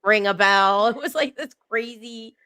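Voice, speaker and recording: A woman's voice: a little high, a little slow, pushed and bright, smooth, dry recording. A woman hosting a casual chat, upbeat and laughing often.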